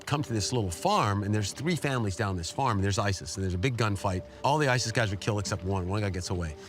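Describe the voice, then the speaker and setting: A middle-aged man giving an earnest, emotional personal testimony as an interview guest, his pitch jumping up when he is moved. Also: animated, quick pace, soft background music. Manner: emotional, earnest storytelling with sudden rises in pitch. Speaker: guest telling a war story.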